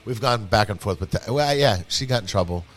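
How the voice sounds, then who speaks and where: A man's voice: fairly low pitch, fairly quick, a little hiss or hum. A man talking casually and profanely, telling stories with lots of "you know what I mean" and acted-out quotes, as a regular of the show. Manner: profane, rambling, animated storytelling with acted quotes. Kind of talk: casual chat.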